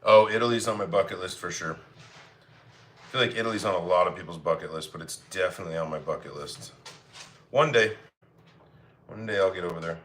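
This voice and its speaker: This is a Colorado-based cooking streamer, relaxed and talkative, who reads viewer comments aloud and responds while preparing food. His low voice moves fairly quickly but with long pauses, and the tone is fairly bright. Slight background noise can be heard.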